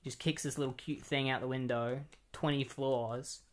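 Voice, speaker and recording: A man's voice: medium pitch, fairly even intonation, moderate pace. A man walks through a comic book plot in a loose, rambling way. He leans on filler words and sounds openly incredulous at what he is retelling. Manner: incredulous, keeps insisting he is not kidding. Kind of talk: casual recap of a comic.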